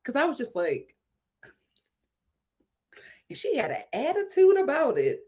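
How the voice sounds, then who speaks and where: An American woman hosting a casual commentary show, reading viewer comments and telling stories in an animated, chatty way. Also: high-pitched, unhurried, long pauses. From United States. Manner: animated, storytelling. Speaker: host.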